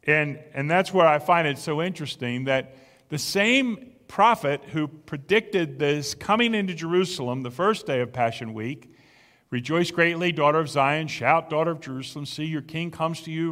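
A man's voice: on the high side, moderate pace, a bit bright. Guy preaching a sermon, emphatic and chatty, voice rings out in a big echoey hall. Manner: emphatic, conversational preaching with rhetorical questions. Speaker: pastor.

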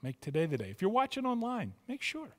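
A man's voice: sits high, wildly swooping pitch, quick pace, a little mellow. A man preaching a sermon as pastor, emphatic, repeating words and rising with feeling. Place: church sanctuary. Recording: church hall reverb.

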